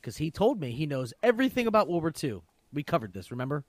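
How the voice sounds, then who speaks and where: A man's voice: a little high, very animated, fast, dry recording. A man co-hosting a podcast, talking bluntly and profanely in a teasing way. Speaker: podcast co-host. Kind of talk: casual chat.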